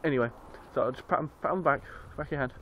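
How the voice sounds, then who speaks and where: A man's voice: fairly high pitch, rapid-fire, fairly bright tone. Rambling young Englishman on a noisy street. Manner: rambling, swearing, storytelling. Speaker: vlogger. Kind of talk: casual rambling vlog. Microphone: handheld phone. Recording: noisy street recording on a phone.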